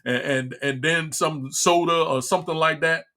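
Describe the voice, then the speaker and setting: A middle-aged man holds forth on his livestream in a casual, exasperated rant. He keeps circling back and restarting his sentences, and his voice sits a little higher than most men's. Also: fairly even intonation, moderate pace, pushed and bright. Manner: frustrated, repetitive, stumbling restarts. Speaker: livestream talk show host. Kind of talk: casual ranting commentary.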